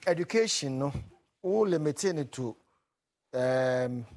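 Animated Ghanaian man judging. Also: mid-range voice, normal speed. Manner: animated, teasing. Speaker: judge. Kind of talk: critique.

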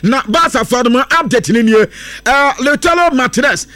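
A man talks through football news with a sing-song lilt. His voice sits very high. The sound is dry and close, with no room around it. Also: normal speed, dry recording. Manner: lively, mixes English into Akan, sing-song lilts and bursts of laughter. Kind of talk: casual football news chat.

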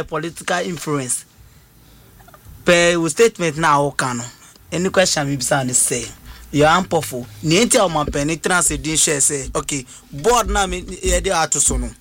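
A man's voice: fairly high pitch, normal speed, a bit bright. A man with a Ghanaian accent hosting a radio talk show, asking questions in a mix of Twi and English. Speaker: host.

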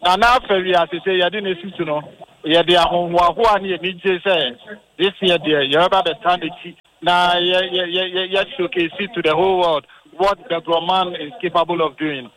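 Ghanaian man, halting, higher voice. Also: fairly even intonation, fairly bright tone, rough recording. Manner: halting, restarts often. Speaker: interview guest.

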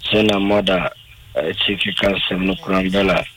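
A man's voice: deep voice, level tone, moderate pace, a bit bright, low-quality recording. A man with a Ghanaian accent calling into a radio show, emphatic and repeatedly addressing the host by name. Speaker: radio caller. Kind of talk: phone-in chat.

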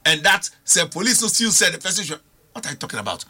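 A man's voice: high-pitched, sing-song, fast, pushed and bright, slightly rough. A man with a Ghanaian accent, a political commentator on a studio panel, arguing with rhetorical questions and switching between English and Twi.

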